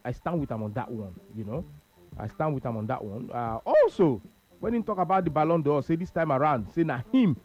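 A man's voice: fairly high pitch, darkish tone, dull audio. A male radio sports show host with a Nigerian Pidgin accent, repeating his points emphatically. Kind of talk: casual radio sports talk.

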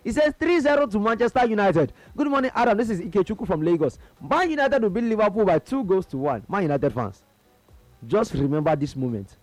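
Lively Nigerian radio host. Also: male voice, sits high, dry recording. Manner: upbeat, drawn-out greetings, chatty. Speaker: radio sports show host. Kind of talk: call-in radio talk. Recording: radio broadcast with faint music.

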